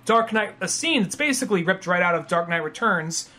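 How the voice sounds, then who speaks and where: High bright-voiced man chatting casually. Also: expressive. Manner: rambling, acts out other people's lines in quick impressions. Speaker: podcast host. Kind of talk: casual chat.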